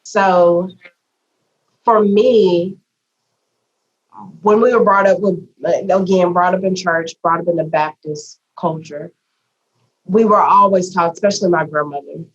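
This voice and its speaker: A woman co-hosting a podcast, talking reflectively in a folksy, preachy way about how she was raised. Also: fairly low pitch. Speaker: podcast co-host. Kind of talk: casual chat. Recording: dull lo-fi sound.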